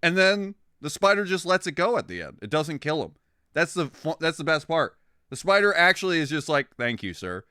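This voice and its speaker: Lively, swearing young man chatting casually. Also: on the high side, fairly quick, clear, resonant tone, no echo, clean studio sound. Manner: rambling, profane, excitable. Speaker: streamer. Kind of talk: casual chat with stream viewers.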